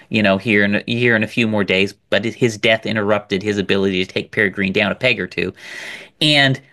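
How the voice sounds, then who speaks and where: A man co-hosting a podcast, talking in an animated, emphatic way and repeating words as he builds a point. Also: mid-range voice. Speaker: podcast co-host. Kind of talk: casual podcast discussion.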